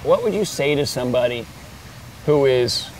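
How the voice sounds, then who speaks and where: A man interviewing a guest over beer, casual and halting as he stumbles through his questions. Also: medium pitch, lively intonation, darkish tone, slight background noise, low-quality recording.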